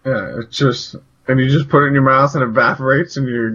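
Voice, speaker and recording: Podcast co-host, male, mid pitch, skeptical questioner, slightly muffled audio. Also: steady tone, quick pace, bright, forceful tone. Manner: skeptical, asks short questions. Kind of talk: casual podcast chat.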